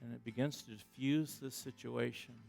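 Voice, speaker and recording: A middle-aged man giving a sermon as a pastor, talking in a conversational, self-deprecating way that swings between loud emphasis and quiet asides. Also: mid-range voice, fairly even intonation, moderate pace, vocal fry, soft background music. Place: church sanctuary.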